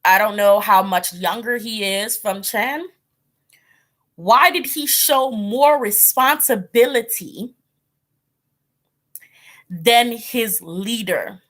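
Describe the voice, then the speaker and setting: A woman's voice: on the high side, lively intonation, takes it slowly, pauses often, fairly bright tone. A woman hosting a tarot channel, rambling in casual livestream chat, with fillers, laughs and acted-out reactions. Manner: acts out her own reactions in quoted voices. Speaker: tarot reader hosting a live stream.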